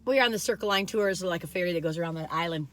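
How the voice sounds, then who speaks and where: A woman's voice: on the low side, very fast. A woman in her sixties, retired, chatting casually and rambling from one story to the next while taste-testing food for her vlog. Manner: lively swings between loud excited bursts and quiet musing. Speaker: food vlogger. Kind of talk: casual taste-test chat.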